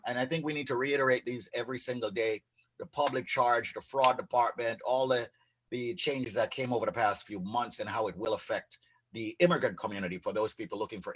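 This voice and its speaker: Bright, punchy radio co-host. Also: male voice, on the low side, husky, low-quality recording. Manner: energetic, bantering, announcer-like. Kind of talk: radio call-in show talk.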